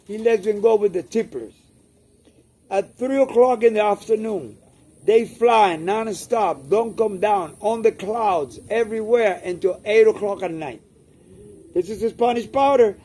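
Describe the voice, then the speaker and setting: Speaking to camera in a casual way, this older pigeon breeder from Cuba has a high voice with a warm tone. He repeats himself emphatically and often tacks "okay?" onto what he says.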